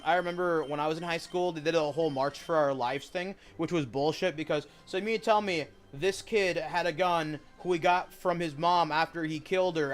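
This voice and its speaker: Rambling, opinionated young man streaming a game. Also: on the high side. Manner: rambling, opinionated, swears freely. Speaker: gaming streamer. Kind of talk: casual gameplay commentary.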